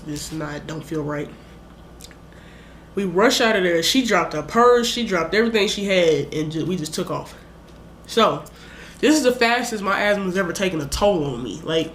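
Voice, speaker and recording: With a voice on the low side, a young woman vlogger animatedly rambles through a story, performing her own lines as she goes. The room sounds echoey, with slight background noise.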